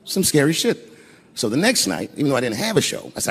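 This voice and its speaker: A middle-aged man telling a stand-up story, swinging between hushed asides and loud outbursts. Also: mid-range voice, wildly swooping pitch, fast talker, husky. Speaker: stand-up comedian. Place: large theater stage. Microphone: stage microphone. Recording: reverberant live theater recording.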